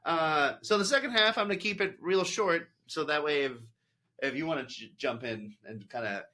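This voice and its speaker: A man's voice: a little high, normal speed, pushed and bright. A man hosting a casual podcast, rambling with lots of "like" and quoted asides. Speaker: podcast host. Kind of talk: casual chat.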